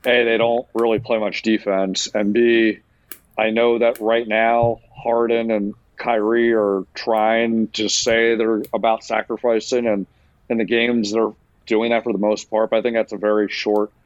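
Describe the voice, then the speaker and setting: A man, a sports writer, giving a measured, caveat-heavy analysis as a guest in a casual talk. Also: lowish voice, flat delivery, dry recording, highs cut off.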